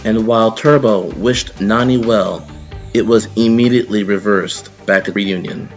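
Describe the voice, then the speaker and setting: A man narrating a scripted commentary in an even, measured way. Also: lowish voice. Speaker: video narrator. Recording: music playing underneath.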